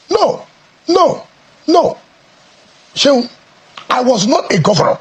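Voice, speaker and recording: A Nigerian politician in a heated TV interview, talking forcefully and repeating his points. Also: extremely high pitch, big pitch swings, measured pace, pauses often, breathy edge. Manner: forceful, emphatic, repeats phrases.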